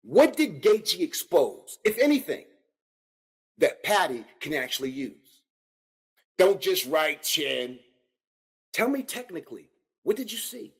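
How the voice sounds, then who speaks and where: A man's voice: a little high, slow pace, pauses often, husky. A man hosting a combat-sports podcast, breaking down a fight and talking straight to his viewers with casual slang. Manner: animated, addresses viewers directly with slang. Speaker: podcast host. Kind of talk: solo fight-analysis podcast.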